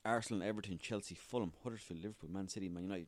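A man's voice: fairly low pitch, racing, few pauses. A man hosting a solo comedy podcast, sweary, rambling and self-mocking. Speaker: podcast host.

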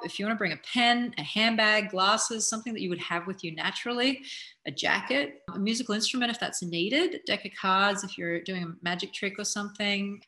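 A woman's voice: medium pitch, sharp tone. A woman giving casual, frank advice as an acting coach, chatty and often restarting her sentences.

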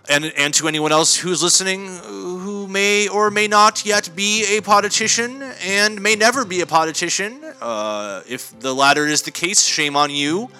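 A man hosting a comedy podcast, delivering a deadpan, mock-pompous monologue that rambles with many fillers and self-corrections. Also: high voice. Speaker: podcast host.

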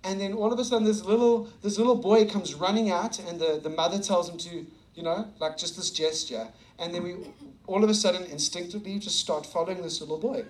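High-voiced man telling a sermon story. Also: brisk, low-quality recording. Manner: animated, acts out dialogue, laughs often. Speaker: preacher.

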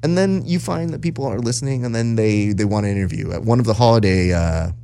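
A man hosting a podcast, telling stories in casual chat and acting out quoted voices with lively jumps in pitch. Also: fast. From Southern California. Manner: animated storyteller, acts out quotes. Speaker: podcast host and jiu-jitsu broadcaster.

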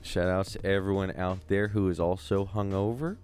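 A man's voice: low-pitched, steady tone, normal speed, a little mellow, soft background music. A hungover man co-hosting a podcast, trading crude jokes and swearing freely in casual banter. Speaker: podcast co-host.

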